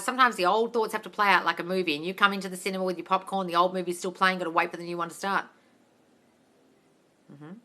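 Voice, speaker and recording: An Australian woman, a mindset coach, answering viewer comments in a blunt, loud, sweary way during a casual live stream. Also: mid-range voice. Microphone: phone livestream.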